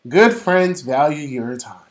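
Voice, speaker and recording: A man from the Caribbean co-hosting a casual podcast chat, teasing his friend calmly and turning reflective at times. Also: a little high, unhurried. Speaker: podcast co-host.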